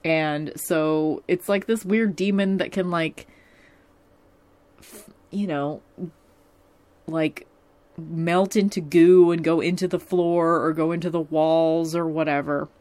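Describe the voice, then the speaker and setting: A woman's voice: low-pitched, steady tone, takes it slowly, pauses often, a little mellow. A woman recapping a TV episode in casual chat, full of fillers, asides and opinions. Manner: chatty, many fillers and asides, laughs often.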